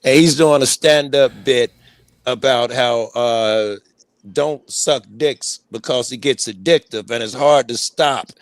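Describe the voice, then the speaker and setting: A man hosting a stream, joking loudly in brotherly banter. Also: mid-range voice, slow pace, no echo. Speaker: stream host. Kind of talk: casual chat.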